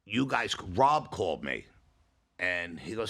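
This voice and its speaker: A man's voice: low-pitched, big pitch swings, slow pace, creaky, pushed and bright. A middle-aged man, a father co-hosting a podcast, telling rambling, profane stories in casual chat.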